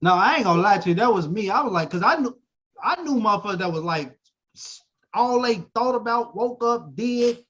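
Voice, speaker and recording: A man's voice: high voice, expressive, brisk, a bit bright, dull audio. A man co-hosting a podcast, teasing the others in slangy banter. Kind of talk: casual podcast chat.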